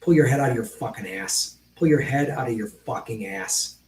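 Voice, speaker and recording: Male political streamer, higher-pitched, blunt and profane, roomy and slightly distant sound. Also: moderate pace, a little mellow. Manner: blunt, profane, talks directly to chat viewers. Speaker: political livestream host. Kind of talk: livestream commentary.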